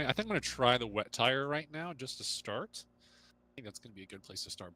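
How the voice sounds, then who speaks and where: A man's voice: medium pitch, sharp tone. A man hosting a live sim racing stream, talking casually while he drives, with frequent ums and easy laughs. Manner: chatty, laughs easily, many ums. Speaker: host.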